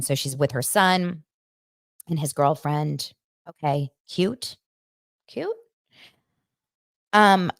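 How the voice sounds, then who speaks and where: A chatty woman with a low voice hosts a casual recap podcast. She talks in an animated way and slips into quick imitations now and then. The sound is dry and close. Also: no echo. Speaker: podcast host recapping reality TV. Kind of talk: casual chat.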